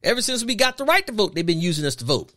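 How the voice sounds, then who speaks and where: Podcast host, opinion monologue, animated pitch, preachy, repeats points, rhetorical questions. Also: very fast. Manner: emphatic, preachy, repeats phrases for effect.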